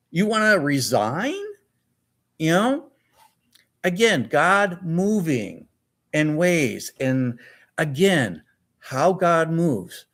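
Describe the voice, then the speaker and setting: A male pastor preaching a sermon in a church, telling the story with animated acted-out dialogue. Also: sits high.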